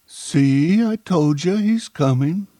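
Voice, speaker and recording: A rough, blunt henchman, voiced by a male storyteller, with an offhand and defensive manner. He is pitched up from the narrator's own voice and has a slightly husky tone. The recording is dry and close. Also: expressive, takes it slowly, mellow, dry recording.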